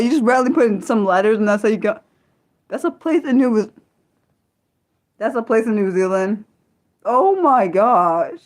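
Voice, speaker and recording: A young woman from the United States hosting a casual livestream, chatting with viewers in an excitable, disbelieving way with many stumbling restarts. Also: medium pitch, a little slow. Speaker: livestream host. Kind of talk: casual livestream chat reading viewer comments.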